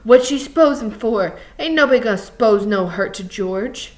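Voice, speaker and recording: A woman reading aloud, voicing a big, childlike, slow-witted farmhand in a higher, louder voice, pleading and insistent. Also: expressive, lightly acted. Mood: angry. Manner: pleading, insistent, simple speech.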